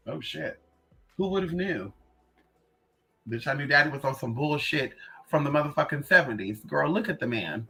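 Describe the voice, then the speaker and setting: A livestream host and spiritual reader chatting casually, sassy and profane, greeting viewers by name and telling animated stories full of "girl" and "honey". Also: medium pitch, moderate pace, vocal fry, long pauses, soft background music.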